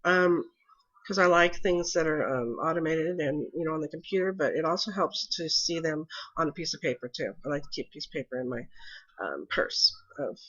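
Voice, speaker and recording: Sounding congested, a woman with a low-pitched, somewhat bright voice walks through her calendar fairly quickly in a casual screen recording. The mom hesitates a lot, full of ums and restarts, and the audio is dull.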